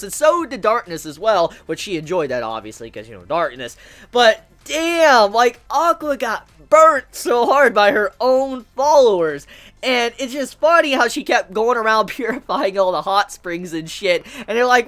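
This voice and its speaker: Casual anime reviewer, cusses a lot, laughs mid-sentence, mid-pitched voice. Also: sing-song, moderate pace, a bit bright. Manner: casual, swears often, laughs while talking. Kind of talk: casual spoken episode review.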